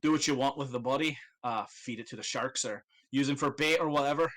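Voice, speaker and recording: Gruff dwarf smuggler guy, a man doing the voice, cheery but ruthless, bright tone. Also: medium pitch, fairly quick, lightly acted. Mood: gleeful.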